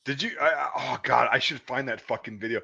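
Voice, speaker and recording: A man's voice: medium pitch, brisk, gravelly, sharp tone, breathy edge. A man telling stories in casual banter, rambling and swearing freely with laughs. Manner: rambling, profane, laughing storyteller. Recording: dull lo-fi sound.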